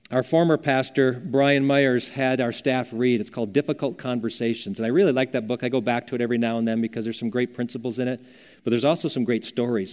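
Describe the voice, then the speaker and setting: A man's voice: medium pitch, darkish tone. An older man preaching a sermon as a pastor, earnest and conversational, telling stories as he teaches. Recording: long reverb of a church hall.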